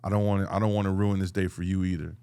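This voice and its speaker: A man's voice: low voice, rapid-fire, clean tone. A man co-hosting a podcast, telling a profane comedic story and acting out every voice in it. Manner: profane, animated, acts out both sides of a story. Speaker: podcast co-host.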